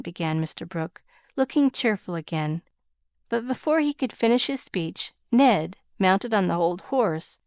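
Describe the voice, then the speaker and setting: Female audiobook narrator, smooth, measured reading, dry close mic. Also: mid-range voice, animated, a little mellow, dry recording. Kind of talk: scripted narration of a classic novel.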